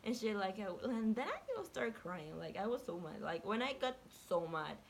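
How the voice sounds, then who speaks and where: A young woman tells a story in a loose, chatty way, swearing freely and filling every pause with "like." She acts out what people said as she goes. A faint hiss sits under her voice. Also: mid-range voice, sing-song, creaky. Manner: chatty and profane, packed with "like", acts out quotes. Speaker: vlogger. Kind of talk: casual storytelling.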